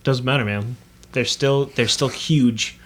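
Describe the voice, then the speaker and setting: A man's voice: mid-range voice, unhurried, fairly bright tone. A man co-hosting a podcast, playful and teasing in casual chat. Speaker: podcast co-host.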